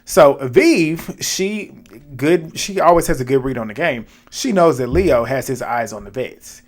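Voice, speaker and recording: A man's voice: mid-range voice, animated, a little slow. A man giving a casual, slangy recap of a reality show, retelling scenes in an amused way.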